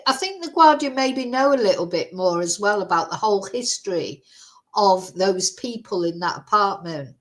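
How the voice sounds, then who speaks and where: A woman hosting a true crime livestream, talking in a chatty, rambling way with lots of fillers. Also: mid-range voice. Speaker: true crime channel host. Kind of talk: casual livestream commentary.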